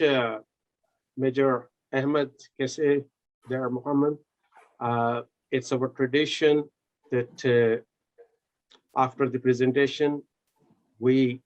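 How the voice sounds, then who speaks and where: Polite host with many fillers. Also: male voice, mid-range voice, highs cut off. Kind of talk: formal closing remarks. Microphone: video call.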